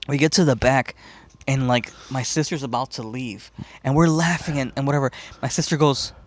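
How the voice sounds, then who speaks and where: A man's voice: mid-range voice, normal speed, no room sound. A man from Chicago hosting a podcast, telling a story casually and profanely, rambling and laughing as he goes. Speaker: podcast host.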